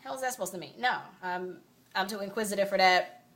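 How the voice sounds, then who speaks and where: Woman vlogger, phone mic, sassy emphatic storyteller, middle-pitched voice. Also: brisk, a bit bright. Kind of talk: casual storytelling vlog. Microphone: phone camera.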